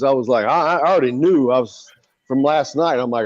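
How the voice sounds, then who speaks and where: A man's voice: fairly high pitch, a little fast, a little mellow, dry recording, muffled recording. A man hosting a sports radio show, talking loosely with many filler sounds. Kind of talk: casual sports radio chat.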